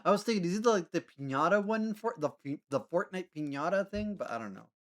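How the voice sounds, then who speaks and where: A man's voice: high-pitched, animated, brisk. Rambling, giggly male streamer. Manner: rambling, lots of fillers and laughter. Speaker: livestreamer. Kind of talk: casual live-stream chat.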